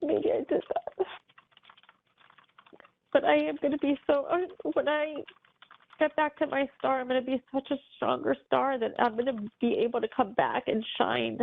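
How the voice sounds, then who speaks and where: Awed woman, gravelly, on a tinny line. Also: high voice, fairly even intonation, normal speed, pauses often, slight background noise. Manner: emotional, awed and wondering. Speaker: hypnosis client. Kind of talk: speaking from a hypnotic trance. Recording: tinny phone-like call line.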